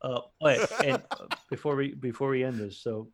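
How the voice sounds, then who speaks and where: A man's voice: mid-range voice, fairly even intonation, normal speed, over a noisy crowd. A man co-hosting a podcast, rambling and swearing in casual banter. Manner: rambling, profane, jokey. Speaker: podcast co-host. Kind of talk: casual chat.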